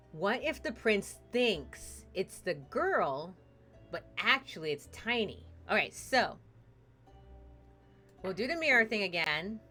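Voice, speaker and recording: Female streamer, bright higher voice, playful story narration, game music faint behind. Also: big pitch swings, slow pace, long pauses. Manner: playful, narrates a fairy tale and hops into character voices. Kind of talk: casual gaming stream chat with acted story voices.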